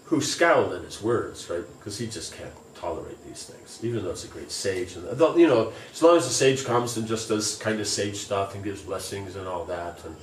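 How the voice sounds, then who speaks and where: A man's voice: low voice, expressive, normal speed, few pauses, a little hiss or hum. A man reading scripture aloud and explaining it casually, with many fillers, in a distant, roomy recording. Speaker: scripture teacher. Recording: roomy, distant, faint ambience.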